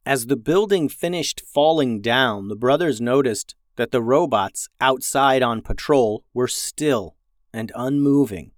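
A man reading a children's adventure story in a gentle, even storytelling manner as a podcast host. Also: medium pitch, unhurried, no echo, clean studio sound. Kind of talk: scripted story narration.

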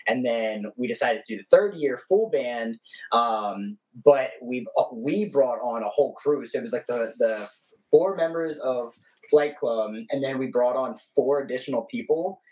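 An animated man on a podcast, chatting as a guest musician. He talks loosely, stacking fillers as he goes. He sits a little back from the mic, so his voice comes through slightly distant. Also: medium pitch. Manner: animated storyteller, heavy on fillers. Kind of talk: casual chat.

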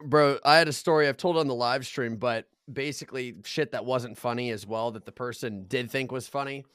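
A man's voice: medium pitch, a little fast, smooth, no echo, clean studio sound. A young man from Arizona co-hosting a podcast, telling a long story in casual, swear-filled chat and acting out the voices of the people in it. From Arizona, United States. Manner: animated, swears a lot, acts out voices in his stories. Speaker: podcast co-host.

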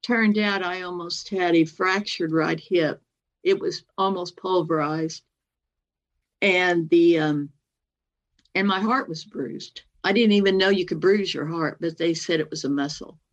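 A woman's voice: on the low side, a little slow, lo-fi sound. Rambling woman telling a personal story. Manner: animated, acts out other people's words in quotes; rambling, with many fillers and "anyway".

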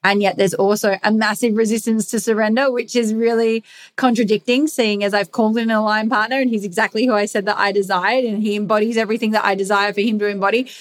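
A woman's voice: medium pitch, steady tone, fast. A woman hosting a candid solo podcast, speaking earnestly and emphatically, repeating her key phrases and swearing casually. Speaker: podcast host.

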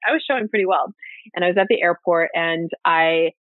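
A woman with a lowish voice talks fairly quickly as a chatty podcast guest, telling stories casually in an interview. The recording is dry and tinny, like phone audio, and she leans heavily on "like" and "you know."

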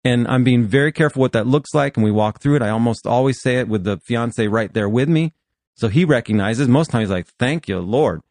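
A man's voice: mid-range voice, fairly quick, a little mellow, dry recording, clean studio sound. A man in his fifties, a pastor and therapist, talking earnestly in a podcast conversation and often laughing while he speaks. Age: 50s.

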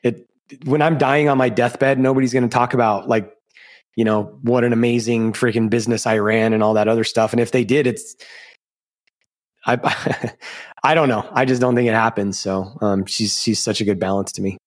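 A man's voice: mid-range voice, steady tone, moderate pace. A man co-hosting a podcast, talking candidly and loosely, swearing casually. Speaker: podcast co-host.

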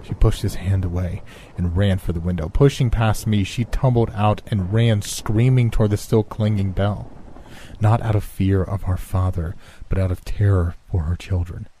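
A man reading a horror story aloud in a measured, hushed narration. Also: low voice, fairly even intonation, slight background noise.

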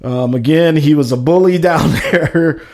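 A man's voice: fairly high pitch, a little slow, a little mellow. Sports-talk man reading a roster. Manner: reads out a list with running asides. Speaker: sports podcast host. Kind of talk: casual live sports talk.

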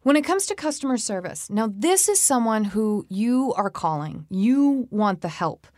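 A woman's voice: medium pitch, no echo, clean studio sound. A woman co-hosting a casual advice chat, telling personal stories and acting out quotes as she goes. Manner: conversational, tells personal anecdotes with acted-out quotes. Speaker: co-host.

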